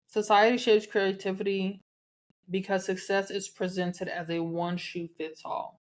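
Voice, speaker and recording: A woman's voice: mid-range voice, level tone, measured pace. A woman from the American South with a Southern accent, hosting a solo podcast in a candid, chatty way, cussing and laughing freely. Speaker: podcast host. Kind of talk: casual solo podcast talk.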